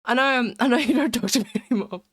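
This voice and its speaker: Giggly, excitable woman streamer. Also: on the high side, fast talker, no room sound, studio quality. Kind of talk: casual live-stream chat.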